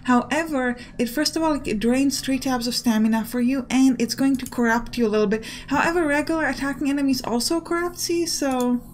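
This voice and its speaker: A young woman hosting a let's play, giving quick, explanatory gameplay commentary full of fillers. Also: high-pitched. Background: faint game music.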